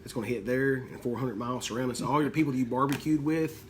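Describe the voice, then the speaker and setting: A man's voice: mid-range voice, quick pace, slight background noise. A man, co-hosting a casual livestream, loose and joking, swearing freely. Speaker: co-host of music duo livestream.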